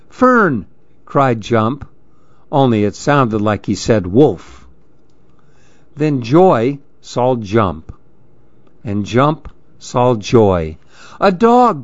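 A man reading children's storybooks aloud in a slow, lilting, expressive way. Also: mid-range voice, dry recording. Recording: dull lo-fi dry recording.

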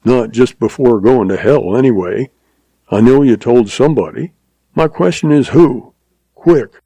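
A man's voice: medium pitch, unhurried, gravelly, dark tone, dry recording, poor audio. A man voicing a big, tough male cowboy who hunts rustlers, speaking in a terse, gritted drawl. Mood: hard, tense.

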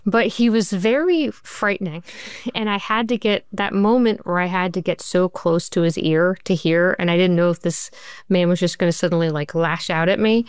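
A woman, a TV writer, answering interview questions in an animated storytelling way, acting out quoted dialogue and saying "like" a lot. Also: lowish voice, fairly quick, smooth, no room sound, clean studio sound. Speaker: TV writer and showrunner guest.

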